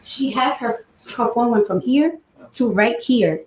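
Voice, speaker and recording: A woman testifying in a courtroom, telling her side in an animated way and acting out what others said. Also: on the high side, measured pace, reverberant, slight background noise, rough recording. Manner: animated, reenacts dialogue with lively voices.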